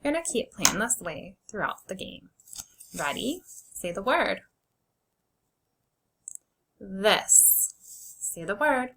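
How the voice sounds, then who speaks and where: A woman teacher leading an early reading lesson for children, sounding out words slowly and clearly and encouraging them as friends. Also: mid-range voice, big pitch swings, a bit bright, a little hiss or hum, poor audio.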